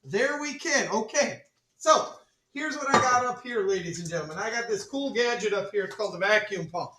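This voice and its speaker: High, bright-voiced joking male teacher. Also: lively intonation, brisk, slight background noise. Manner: joking, repeats "all right", calls the class "ladies and gentlemen". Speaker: chemistry teacher. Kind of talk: classroom demonstration. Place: school classroom. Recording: echoey classroom from far off.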